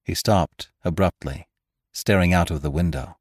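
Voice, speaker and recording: A man narrating a classic story in an expressive, measured audiobook style. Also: low-pitched, slightly rough, dry recording, studio quality.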